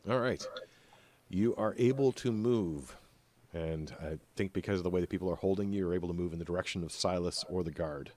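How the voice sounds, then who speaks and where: Male game master with a deep voice and a loose, uh-filled narration style. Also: fairly quick, no room sound. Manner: relaxed, many filler uhs.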